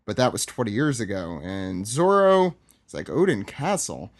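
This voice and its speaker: A man's voice: on the low side, sing-song, normal speed, no echo, clean studio sound. A man co-hosting a podcast, recapping a manga chapter in a playful, joking way. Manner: playful, jokey, reads lines aloud. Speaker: podcast co-host. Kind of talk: casual manga recap chat.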